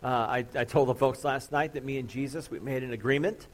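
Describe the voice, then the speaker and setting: A man's voice: mid-range voice, steady tone, fairly quick. A man in his thirties, a pastor preaching to his church congregation, telling a story in a casual, joking, self-deprecating way. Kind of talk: sermon.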